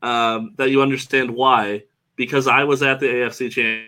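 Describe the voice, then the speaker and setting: A man with a bright voice speaks as a podcast guest over a video call. He talks casually and pokes fun at himself. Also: medium pitch, flat delivery, moderate pace. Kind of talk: casual chat.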